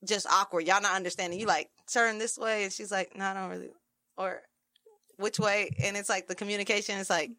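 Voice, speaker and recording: A woman co-host telling stories in blunt, slangy casual talk. Her tone is bright and her pitch sits in the middle. The mic sound is close and dry. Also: fairly even intonation, brisk, dry recording. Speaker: podcast co-host. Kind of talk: casual chat.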